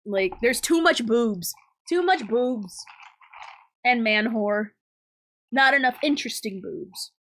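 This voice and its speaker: Young woman streamer, giggly and crude, rambles at chat, voice a bit on the high side. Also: expressive, slow pace, pauses often, fairly bright tone. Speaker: livestreamer. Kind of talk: casual live-stream chat.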